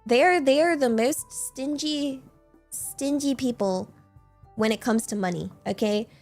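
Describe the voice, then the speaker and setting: A woman's voice: high voice, takes it slowly, darkish tone, faint music behind. A young woman streamer telling a story in casual chat, incredulous and laughing, rambling with many fillers.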